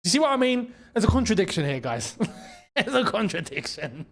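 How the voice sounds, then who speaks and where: Lively, high-pitched London man. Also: moderate pace. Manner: chatty, laughs often, reads out super chats. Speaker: watchalong host. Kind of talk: casual live match commentary.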